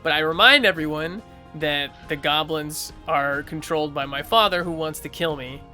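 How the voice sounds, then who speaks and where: A man's voice: fairly high pitch, moderate pace, pushed and bright, faint music behind. A man playing a tabletop game who gets flustered and trips over his words. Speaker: player. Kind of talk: tabletop game role-play.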